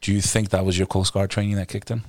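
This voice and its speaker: A man's voice: deep voice, level tone, quick pace, a little mellow, no echo, studio quality. A man hosting a casual interview, asking leading questions in a conversational way. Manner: conversational, leading questions, talks over guest. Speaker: podcast host.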